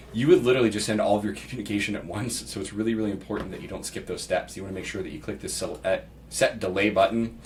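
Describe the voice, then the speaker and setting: A man from Pittsburgh talks through a screen-share tutorial in a low, easygoing voice, thinking aloud and reading template text aloud as he goes. The mic sits a little far from him. A faint background hiss runs under the speech. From Pittsburgh, United States. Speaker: real estate agent giving a software tutorial. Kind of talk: casual screen-share walkthrough. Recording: slightly distant mic with faint background noise.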